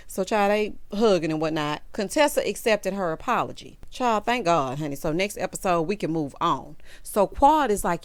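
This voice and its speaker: A young woman gives sassy, gossipy commentary on a reality show, her voice swinging widely in pitch with lots of lively expression. She laughs often between remarks. The sound is dry and close, with no room echo. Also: moderate pace, clear, resonant tone. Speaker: YouTube reality-TV recapper. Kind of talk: casual recap commentary.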